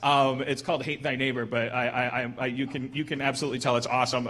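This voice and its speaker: A man in his forties hosting a comedy podcast, riffing in halting, rambling chat full of restarts. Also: mid-range voice, level tone, loud music behind the voice. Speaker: podcast host.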